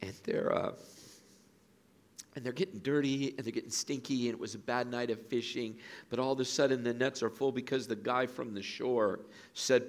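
A middle-aged male pastor preaching a sermon in an auditorium, telling a story with lively acted-out voices. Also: mid-range voice, normal speed. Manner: animated storytelling, acts out quoted voices.

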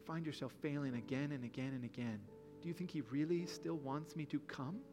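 A man's voice: fairly high pitch, a little fast, over music. A man preaching a sermon in an earnest, pleading way, full of rhetorical questions. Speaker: pastor.

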